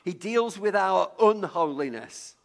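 A man's voice: high voice, expressive, unhurried, vocal fry, fairly bright tone. A middle-aged man from Lancashire, England, preaching a sermon in a chatty way: he tells a story from his childhood, often repeats words mid-sentence, and asks the congregation to call out guesses. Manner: conversational, stumbles and repeats words, draws the congregation in with questions.

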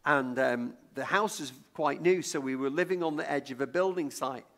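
Gravelly-voiced preacher from Lancashire. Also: male voice, a little high, moderate pace, fairly bright tone. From Lancashire, England. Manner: conversational, stumbles and repeats words, draws the congregation in with questions. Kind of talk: sermon with a personal story.

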